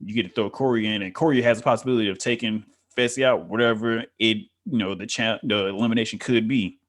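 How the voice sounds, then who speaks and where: Man, lowish voice, laid-back, slangy, casual review chat. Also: steady tone, fast talker. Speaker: co-host reviewing a reality show.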